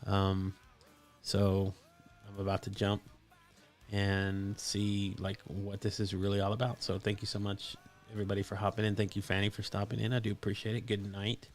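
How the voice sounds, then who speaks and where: A man's voice: fairly low pitch, completely flat delivery, moderate pace, soft background music. A man hosting a casual live stream, chatty and enthusiastic with many fillers, his mic voice processed for added depth. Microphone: desktop microphone with voice processing.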